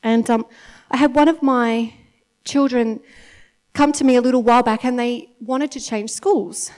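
Woman, mother, church speaker; slightly high voice, conversational storytelling sermon with frequent check-ins. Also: steady tone, normal speed, darkish tone. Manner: chatty, storytelling, keeps checking in with the audience by asking "okay?".

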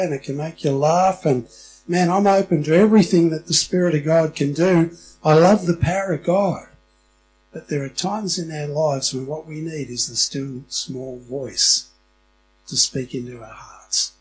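A middle-aged man preaches in a loose, chatty way, often turning questions back to the people in front of him. His voice sits a touch high for a man. Soft music plays faintly underneath. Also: rough recording. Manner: conversational, asks the congregation questions. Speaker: pastor. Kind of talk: sermon.

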